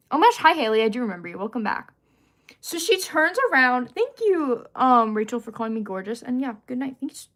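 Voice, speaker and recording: Chatty young woman livestreaming. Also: a little high. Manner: animated, chatty, greets viewers mid-story. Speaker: livestream host. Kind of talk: casual storytelling livestream.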